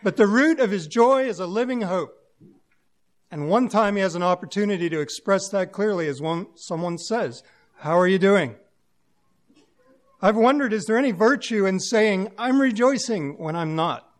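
A man with a high voice preaches a sermon to a congregation. He talks in a plain-spoken, musing way and leans on homely everyday examples. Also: animated, normal speed.

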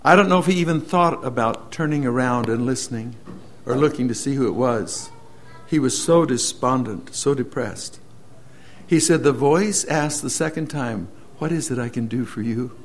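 A male preacher at mid pitch tells a story in his sermon, earnest and direct. He swings from loud, emphatic phrases to quiet, drawn-out lines. A faint background hum sits under his voice.

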